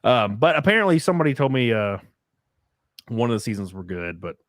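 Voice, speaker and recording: Man, casual podcast chat, animated swinging pitch, dry close sound, rambling with swearing. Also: fairly quick, dry recording. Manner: rambling, swears, jumps high when excited. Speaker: podcast host.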